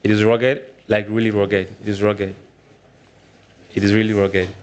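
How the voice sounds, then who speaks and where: A man's voice: fairly low pitch, level tone, a little slow, dull audio. A Nigerian man presenting a live technical workshop, often repeating his points and checking in with "all right".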